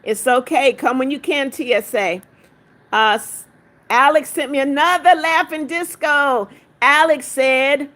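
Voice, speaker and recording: A woman's voice: high-pitched, a little slow. A woman hosting a livestream, reading viewers' comments aloud and calling them darling while she counts out gifts. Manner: affectionate, calls viewers darling; counts gifts out loud, laughing. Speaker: livestream host. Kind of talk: reading live chat aloud.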